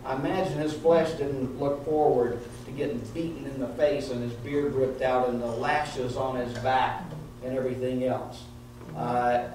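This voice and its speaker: A man's voice: medium pitch, a little mellow. A male pastor preaching an earnest, emotional sermon full of repeated phrases. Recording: echoey room heard from a distance with faint noise.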